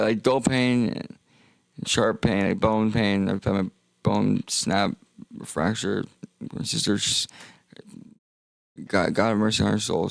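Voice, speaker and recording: Young guy rambling on his stream, low gravelly voice, dry close mic. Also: no room sound. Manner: rambling, jokey, trails off into mumbles. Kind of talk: rambling casual stream talk.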